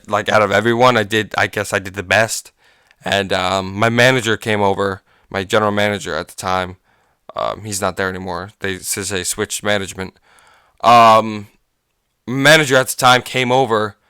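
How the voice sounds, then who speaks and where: Guy rambling on his podcast, bright crisp voice, dry close sound, swears a ton. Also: fairly low pitch, no echo. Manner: rambling, swears a lot, frequent fillers and laughs. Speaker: podcast host. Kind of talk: casual solo podcast chat.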